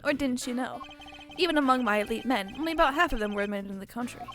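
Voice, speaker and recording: A woman's voice: on the high side, fast talker, a bit bright, soft background music, close to an everyday voice. A woman reading as a cocky wolf-pack agent boss.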